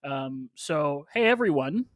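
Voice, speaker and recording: A young man hosts a casual podcast with an upbeat, loose delivery full of fillers. His voice sits a little higher than usual and sounds close and dry, with no room around it. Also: lively intonation, slow, no echo. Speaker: podcast host.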